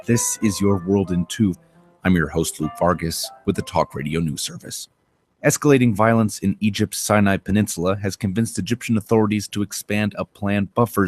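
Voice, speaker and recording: A man hosting a short radio news segment, reading the report in a measured, even way. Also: low voice. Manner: measured, even newsreader delivery.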